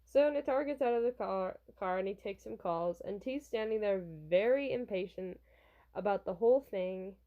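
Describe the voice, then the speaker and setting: A woman's voice: medium pitch, moderate pace, narrow, tinny audio. Chatty young woman reviewing a manga. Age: young adult. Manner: chatty and rambling, with restarts and fillers. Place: college dorm room.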